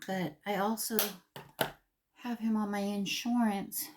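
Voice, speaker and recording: A woman's voice: medium pitch, fairly even intonation, slow, a little mellow. An older woman chatting while getting ready, emotional and confiding, sometimes dropping to a whisper. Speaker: vlogger.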